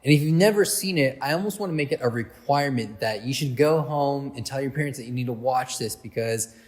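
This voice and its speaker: A man's voice: mid-range voice, fairly quick. A man speaking as a youth pastor, giving a sermon to a youth group in a chatty storytelling way, with lots of fillers. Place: church hall. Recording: long hall reverb.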